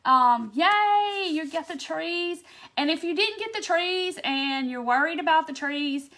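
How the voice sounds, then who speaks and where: A woman's voice: very high-pitched, animated, a little slow, a bit bright, a little hiss or hum. A woman from Mississippi with a Southern accent, hosting a live crafting stream and chatting in a bubbly way as she greets viewers by name. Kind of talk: casual live-stream chat.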